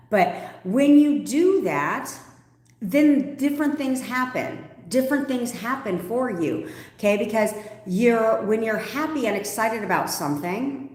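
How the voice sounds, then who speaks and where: A woman coach answering viewer questions on a livestream, blunt and animated, swearing freely and laughing often. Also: fairly high pitch, measured pace, echoey room. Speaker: manifestation coach.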